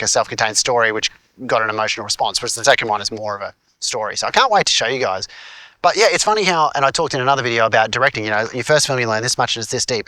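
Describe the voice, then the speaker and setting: A man's voice: medium pitch, pushed and bright, no echo. A man in his forties with an Australian accent, a filmmaker and teacher chatting in a casual vlog, rambling with lots of fillers and restarts. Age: 40s.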